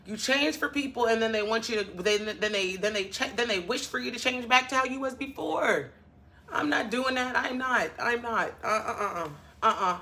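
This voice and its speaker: A woman's voice: medium pitch, sharp tone. A woman vlogger from the northern US, venting bluntly in a casual chat to camera, with sassy asides to her viewers.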